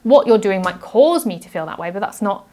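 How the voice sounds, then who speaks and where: A woman's voice: mid-range voice, expressive, a little fast, mellow. A woman being interviewed on a podcast, talking earnestly and reflectively about handling conflict, often acting out example phrases. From United Kingdom. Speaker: podcast guest. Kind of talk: casual interview chat.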